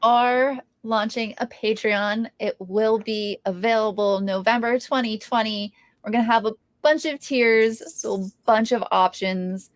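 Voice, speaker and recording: A woman's voice: on the high side, a little slow, no room sound. A woman co-hosting a casual podcast, enthusiastic as she explains plans to listeners. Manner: enthusiastic, talks promos steadily. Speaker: podcast co-host.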